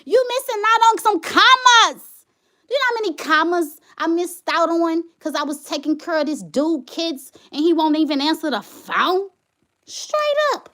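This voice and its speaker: A young woman rants to her livestream chat through her phone, indignant and often getting loud. Her voice sits on the high side and swings widely in pitch as she presses her complaints. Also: expressive, moderate pace. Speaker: vlogger, single mother.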